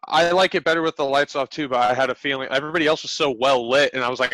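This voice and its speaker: A man chatting on a podcast with a bright, forceful voice. The sound is dry and close. He rambles, pokes fun at himself and laughs often. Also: mid-range voice, racing, hardly any pauses, no echo, poor audio. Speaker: podcast host. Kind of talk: casual chat.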